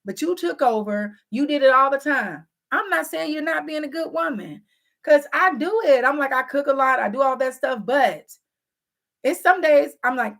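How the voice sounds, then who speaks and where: A slightly high-voiced woman hosting a casual relationship advice vlog, speaking directly to her audience. She is frank and teasing, and she acts out both sides of everyday arguments. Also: normal speed, creaky, fairly bright tone. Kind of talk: casual advice talk to viewers.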